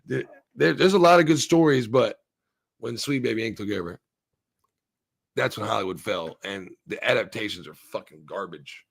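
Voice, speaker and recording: A man's voice: on the low side, normal speed, gravelly. A man co-hosting a live stream, ranting casually with lots of swearing and restarts. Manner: profane, rambling rant with many restarts. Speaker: stream co-host.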